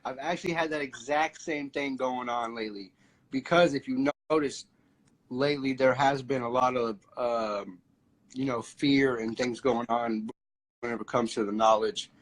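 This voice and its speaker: A man's voice: mid-range voice, steady tone, moderate pace, rough recording. A man hosting a livestream, chatting casually about spiritual ideas with many fillers and restarts. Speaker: livestream host.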